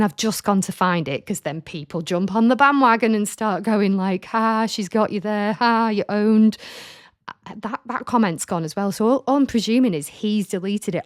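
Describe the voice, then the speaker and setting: A woman's voice: medium pitch, no echo, studio quality. A woman in her thirties hosting a podcast, frank, sweary and jokey as she reads out comments in casual chat. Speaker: podcast host.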